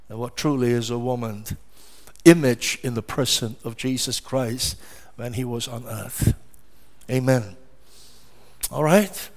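A man preaching a sermon as pastor. He repeats phrases for emphasis and makes sudden, forceful rises in pitch and volume.

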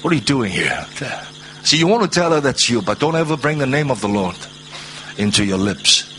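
A man preaching a sermon, alternating slow scripture reading with rising, drawn-out proclamations. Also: lively intonation, a bit bright, a little hiss or hum. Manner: rises to high, drawn-out proclaiming.

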